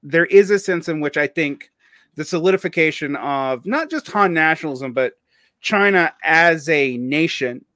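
A man with a Southern US accent hosts the conversation in a fairly high voice. He talks casually and rambles, with plenty of fillers and restarts. The sound is dry and close. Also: moderate pace, sharp tone, dry recording. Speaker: podcast host.

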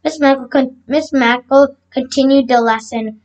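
A woman with a high voice narrates a children's chapter book aloud. She stumbles on words and goes back to fix them, reading at an easy storytime pace. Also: normal speed, darkish tone, poor audio. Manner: frequent slips and self-corrections. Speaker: storybook reader.

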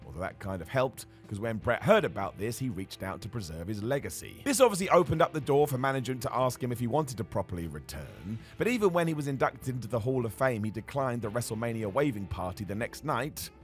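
A man hosting a wrestling countdown as a scripted voiceover, slightly hoarse as he is losing his voice, with animated, sarcastic asides. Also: mid-range voice, quick pace, hardly any pauses, faint music behind. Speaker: host of a wrestling countdown channel.

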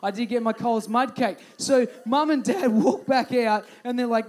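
A man's voice: very high-pitched, steady tone, fairly quick, few pauses, a little mellow. Chatty young Australian man preaching. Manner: chatty, storytelling, playful. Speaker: youth pastor. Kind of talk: youth group talk. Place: youth group hall.

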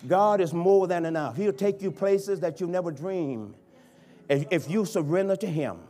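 High-voiced man preaching with fervor. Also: normal speed. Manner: impassioned preaching that swings from hushed to shouting. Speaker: bishop. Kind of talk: sermon. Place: church sanctuary.

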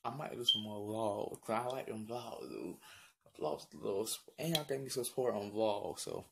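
A man vlogging straight to the camera in loose, slangy talk that wanders and fills its gaps with "like" and "um". His voice has a gravelly, fry-edged texture, and his pitch swings around a lot. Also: sing-song, normal speed, noisy background. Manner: slangy, rambling, many fillers. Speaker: YouTube channel host. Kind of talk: casual vlog chat to the camera.

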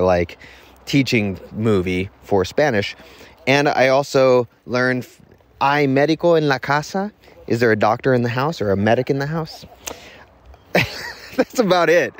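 A man talks casually as a podcast host, rambling through a story with restarts and self-deprecating asides. His voice sits at an ordinary middle pitch. Faint traffic passes in the background outdoors. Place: outdoors near a road. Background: faint passing traffic.

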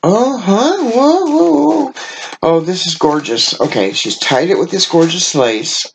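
Here the card-making channel host sounds lowish, creaky and expressive, taking her time, with slight background noise. Opening a friend's mailed crafting gifts in a casual unboxing, she gushes effusively, letting out frequent gasps and exclamations at each piece.

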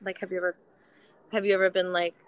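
Gentle, nurturing woman in a heart-to-heart chat. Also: fairly low pitch, little pitch movement, fast talker, rough recording. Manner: gentle, nurturing, many filler likes.

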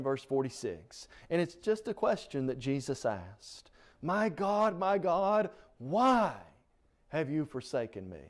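A man preaching a Bible study sermon in a church, quoting scripture emphatically and rising in pitch on the key words. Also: darkish tone. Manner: rises in pitch and force on scripture quotes, emphatic.

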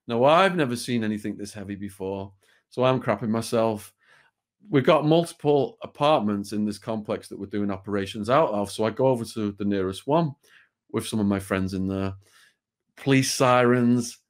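A British man, a guest on an interview show, telling a true story in a vivid, blunt way with the odd swear word. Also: mid-range voice.

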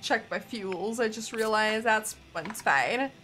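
A woman's voice: a little high, slow pace, a bit bright, slight background noise. A young woman casually talking through a game as she plays, thinking aloud and chatting to viewers. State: has the hiccups. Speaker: gaming channel host. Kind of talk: casual gameplay commentary.

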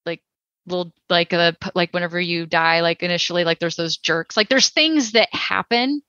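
A woman's voice: fairly low pitch, moderate pace, sharp tone, clean tone, no echo, dull audio. A young adult woman from Texas co-hosting a podcast, talking casually and opinionatedly with lots of fillers. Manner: chatty, many fillers, opinionated. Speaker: podcast co-host.

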